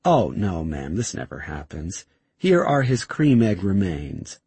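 A man's voice: low-pitched, big pitch swings, measured pace, dark tone, breathy edge, no room sound, pitched below the performer's own voice, exaggerated voice. A man voicing a stiff male company official delivering bad news in a formal, mock-solemn way.

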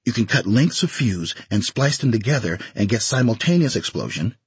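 A husky-voiced man voicing a crude, bossy middle-aged explosives seller who teases a lot, in a dry recording. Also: on the low side, big pitch swings, normal speed, dry recording, exaggerated voice. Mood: matter-of-fact.

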